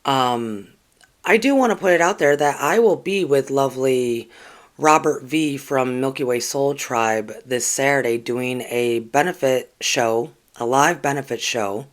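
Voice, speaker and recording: Slow, rambling livestream host. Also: medium pitch. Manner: rambling, with frequent ums and restarts; earnest and chatty, talking directly to viewers. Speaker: spiritual channel host. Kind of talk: casual livestream with oracle card readings.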